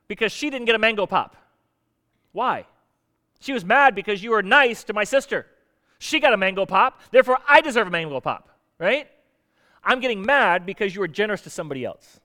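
A high-pitched male pastor delivers a sermon in a casual, conversational way, constantly quizzing his listeners with questions. His voice rings out in a large church hall with a long, lingering reverb. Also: bright, forceful tone. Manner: conversational, asks the audience questions. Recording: echoey hall.

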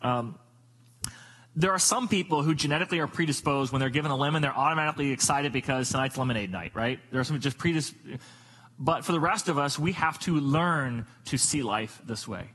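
A man's voice: medium pitch, a little fast, fairly bright tone, slightly rough, rough recording. A man preaching a sermon as a pastor, emphatic and repetitive, asking rhetorical questions.

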